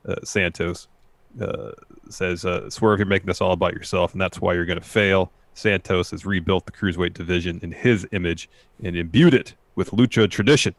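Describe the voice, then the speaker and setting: A man's voice: low-pitched, no echo. A man co-hosting a wrestling podcast, recapping segments and paraphrasing what was said, with many "uh"s. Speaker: podcast co-host.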